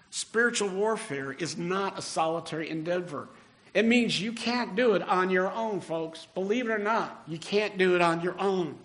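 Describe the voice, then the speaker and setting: An older man preaching a sermon as a pastor, earnest and building emphasis, slowing down on key phrases. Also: fairly high pitch, a bit bright.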